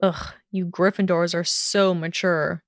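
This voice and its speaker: A woman's voice: on the low side, measured pace, dry recording, clean studio sound, close to an everyday voice. Malfoy: woman doing a sneering young wizard. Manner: sarcastic drawl.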